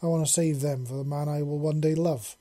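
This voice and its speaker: A man's voice: fairly high pitch, steady tone, fairly quick, mellow, natural voice. A man voicing a young black-furred feline girl who sounds timid at first and then speaks bluntly. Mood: frank.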